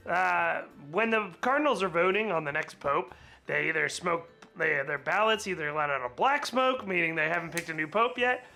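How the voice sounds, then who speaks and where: A man's voice: high-pitched, sharp tone. A man hosting a casual cocktail-making vlog, chatty and laughing often with rambling asides, a little hungover. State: slightly hungover. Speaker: cocktail channel host.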